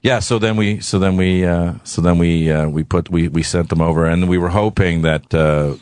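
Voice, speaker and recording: Deep-voiced man, rambling and profane. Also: steady tone, moderate pace, a little mellow, no echo. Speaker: studio guest. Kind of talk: casual storytelling on talk radio.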